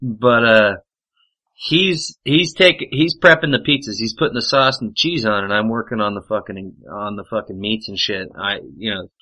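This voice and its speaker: Profane, bright-voiced male storyteller. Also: on the low side, normal speed, low-quality recording. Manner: profane, rambling anecdotes with frequent fillers. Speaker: podcast storyteller. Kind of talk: casual chat.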